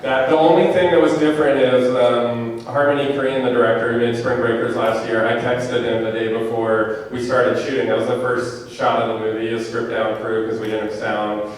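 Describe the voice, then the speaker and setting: A film director's mid-range, level voice comes through a handheld microphone as he answers questions from the audience at a screening in a movie theater. There's a little hiss or hum and the sound is echoey and distant, and he rambles casually with lots of fillers and quick asides.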